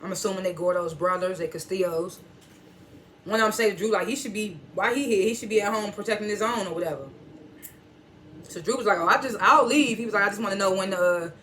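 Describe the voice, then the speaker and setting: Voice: medium pitch, brisk, fairly bright tone, slight background noise. A TV reviewer in AAVE, casually recapping an episode, retelling scenes line by line and chuckling at the twists. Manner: storytelling, quotes characters with "he was like"; chuckles and reacts while retelling.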